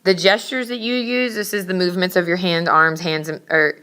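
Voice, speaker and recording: Female teacher lecturing a class, emphatic and a little scolding, slightly low and smooth. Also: steady tone, fairly quick, sharp tone. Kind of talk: classroom lecture on public speaking.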